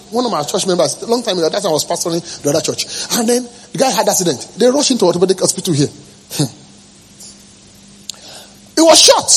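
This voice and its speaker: A male pastor preaching a passionate sermon, swinging between quiet remarks and sudden shouts. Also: sits high, a little hiss or hum, rough recording.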